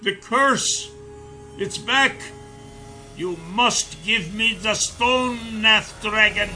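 A cruel male sorcerer sliding back into goblin form, voiced by a man, his high voice snarling and gloating at a slow, drawn-out pace. His voice is bright and cutting. It is an audiobook character voice with faint music underneath. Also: exaggerated voice. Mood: raging.

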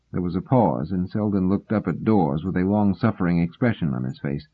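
A man narrating an audiobook in a husky voice with a measured, steady reading. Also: low-pitched. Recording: tinny phone-like sound.

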